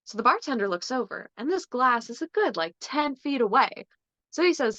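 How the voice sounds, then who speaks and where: A woman's voice: a little high, sing-song, brisk, a bit bright, no room sound. A woman guest in a casual chat who tells jokes with frequent giggles and a crude, playful delivery over a dull, lo-fi recording. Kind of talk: casual joke-telling chat. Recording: dull lo-fi sound.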